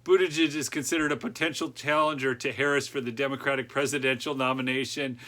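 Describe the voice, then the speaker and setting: A man's voice: medium pitch, fairly even intonation, fast, bright, forceful tone. A man hosting a political podcast, reading news aloud and cutting in with sarcastic asides and laughter. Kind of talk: opinion commentary reading news.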